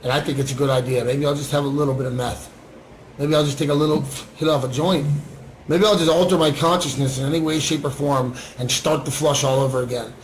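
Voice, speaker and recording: A man's voice: on the high side, steady tone, fast, echoey room, a little hiss or hum, rough recording. A man and recovering addict sharing his story in an earnest livestream monologue, often asking "right?". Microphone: webcam or phone on a screen.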